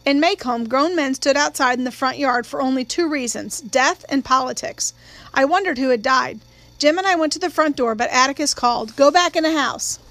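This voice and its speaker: A woman narrating a novel as an audiobook in steady, even storytelling, close to the mic. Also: high voice. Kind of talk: scripted narration.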